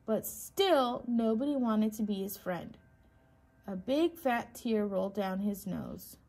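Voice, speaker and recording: A woman, a preschool teacher, reading a children's storybook aloud in a slow, expressive way. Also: mid-range voice.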